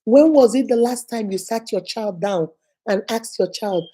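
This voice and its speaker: Warm, husky woman giving an emphatic talk. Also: fairly high pitch, expressive, unhurried. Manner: emphatic and repetitive, preacher-like; acts out quoted speech. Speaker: host of an inspirational channel. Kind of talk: motivational talk.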